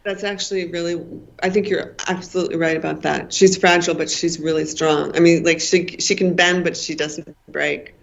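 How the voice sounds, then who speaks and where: A woman's voice: fairly low pitch, fairly even intonation, moderate pace, gravelly, hardly any pauses. Thoughtful woman novelist, slightly muffled audio. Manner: thoughtful, repeats words while searching for phrasing. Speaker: novelist guest. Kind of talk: reflective interview answers. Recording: dull lo-fi remote audio.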